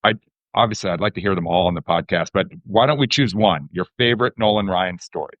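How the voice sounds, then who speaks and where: A man's voice: deep voice, fast talker, fairly bright tone, no echo. A man hosting a podcast, telling a rambling story before asking his interview question. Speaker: podcast host. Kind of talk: casual interview chat. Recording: slightly muffled, dry.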